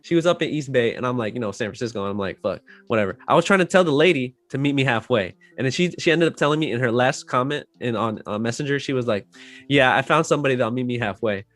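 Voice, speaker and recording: A man hosting a casual chat, speaking profanely with lots of filler words, mostly low-key with loud outbursts. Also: fast talker, dry recording, soft background music. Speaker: host.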